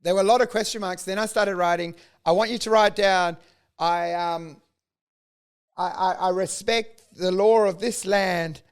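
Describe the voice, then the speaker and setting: High-voiced man telling a wild story. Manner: animated anecdote teller, acts out quotes. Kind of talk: casual storytelling chat.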